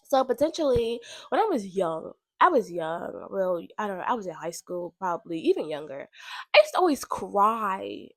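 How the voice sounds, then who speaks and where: Chatty animated woman, dry close sound. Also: normal speed, no echo. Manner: chatty and animated, laughs often, bursts high when quoting. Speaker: podcast host. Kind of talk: casual spiritual talk.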